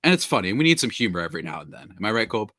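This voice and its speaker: A man's voice: fairly low pitch, sing-song, rapid-fire, fairly bright tone, dry recording, clean studio sound. A man hosting a podcast, chatting casually and joking, with lots of fillers. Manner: laid-back, joking, filler-heavy. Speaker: podcast host.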